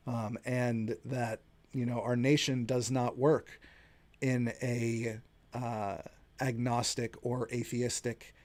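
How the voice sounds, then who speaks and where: A solo podcast host from the United States, a man in his late thirties, gives earnest, conversational opinions. His medium-pitched voice carries a darkish tone.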